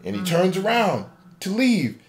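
A man's voice: high-pitched, sing-song, unhurried, vocal fry, crowd noise. A man casually retelling a game theory as a story, acting out a panicked character's inner voice. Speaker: podcast co-host. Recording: amateur podcast recording.

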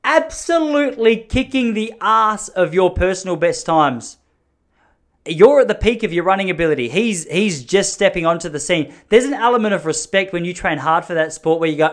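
A man's voice: on the high side, brisk. A man hosting a solo podcast, rambling through jokey, self-mocking asides. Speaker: podcast host.

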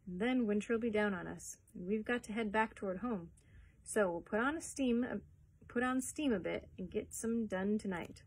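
A woman's voice: medium pitch, normal speed, breathy edge. A woman reading aloud, voicing a jolly male traveling peddler with a sing-song, folksy patter.

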